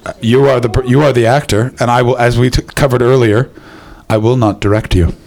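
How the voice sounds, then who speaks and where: A man's voice: mid-range voice, fairly even intonation, a little fast, a little mellow. A man hosting a live comedy show, telling rambling stories to an audience, swearing freely and breaking into screamed impressions. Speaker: comedian and podcast host.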